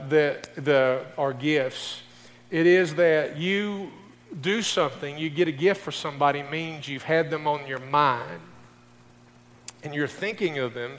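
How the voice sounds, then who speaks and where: A man's voice: a little high, fairly bright tone. A middle-aged male pastor preaching a folksy sermon, speaking directly to his congregation. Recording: distant voice in a reverberant hall.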